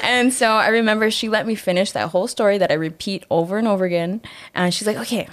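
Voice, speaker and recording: A young woman guest telling a personal story in a casual interview, lively, acting out the voices she quotes and leaning on filler words. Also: medium pitch, fast. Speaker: guest, singer-songwriter.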